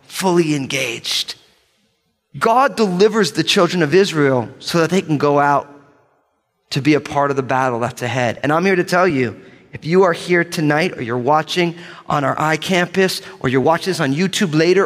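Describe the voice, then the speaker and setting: A man preaching a sermon to his congregation in a lively, joking way, calling for amens. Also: a little high. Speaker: pastor. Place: church sanctuary with live congregation. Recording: reverberant hall sound.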